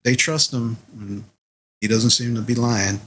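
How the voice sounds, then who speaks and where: A man's voice: medium pitch, steady tone, a little slow, a bit bright, slightly rough, voice pushed down. A man voicing a protective middle-aged woman who speaks firmly and matter-of-factly.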